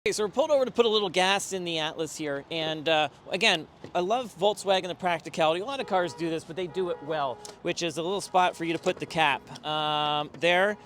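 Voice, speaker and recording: A man's voice: a little high, a little fast, hardly any pauses, a bit bright, slight background noise. A middle-aged man giving a casual, upbeat car review from the driver's seat, chatty with plenty of ums and asides. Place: inside a car, driving.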